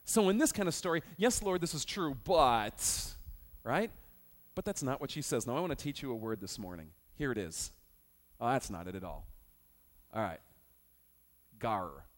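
A male pastor preaching a Bible-study sermon, animated and joking as he teaches. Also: mid-range voice, a little fast, long pauses.

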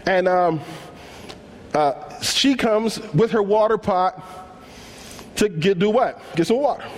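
A man's voice: high voice, slow pace, a little hiss or hum. A man preaching a sermon in African American English, acting out the dialogue in casual slang as he tells stories. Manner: animated storytelling, acts out dialogue in casual slang. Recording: long hall reverb.

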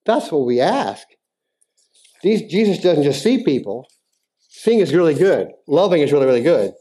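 Conversational preacher with a fairly high voice. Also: male voice, big pitch swings, moderate pace, breathy edge. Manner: conversational preaching, rising to emphatic near-shouting. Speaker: pastor. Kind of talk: sermon. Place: church sanctuary.

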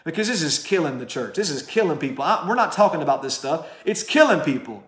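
A man's voice: fairly high pitch, sing-song, fast, fairly bright tone, echoey room. A man preaching a sermon straight to camera, passionate and direct, firing rhetorical questions at the listener. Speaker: pastor.

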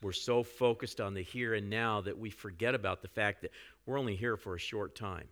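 A pastor preaching a sermon in a conversational way, with frequent asides to the congregation. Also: male voice, on the low side, a little fast, fairly bright tone.

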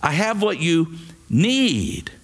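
A man playing a patient stranger who lit a fire, speaking softly and slowly. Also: a little high, very animated, pitched above the performer's own voice, heavily acted. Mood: coaxing. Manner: soft, slow, coaxing. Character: gentle male stranger, a patient firelighter.

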